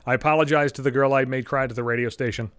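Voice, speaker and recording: A young adult man telling stories in a blunt, profane, animated podcast rant. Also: mid-range voice, rapid-fire, smooth, no room sound. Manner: blunt, heavy swearing, animated. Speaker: podcast host.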